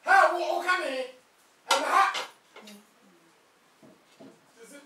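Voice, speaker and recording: A Ghanaian man acting a pastor husband in a comedy skit, exclaiming loudly and muttering quick prayers. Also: very high-pitched. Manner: loud exclaiming, switching to rapid muttered prayer. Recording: echoey room, distant mic, faint noise.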